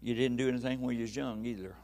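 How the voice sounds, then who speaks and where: Gravelly older preacher. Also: male voice, medium pitch, fairly even intonation, racing. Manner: folksy rambling storytelling with fiery shouted bursts. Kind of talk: sermon.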